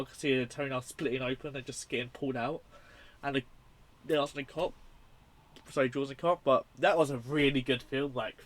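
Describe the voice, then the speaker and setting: A young man reviewing a horror film in a casual, rambling, profane and excitable way. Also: medium pitch.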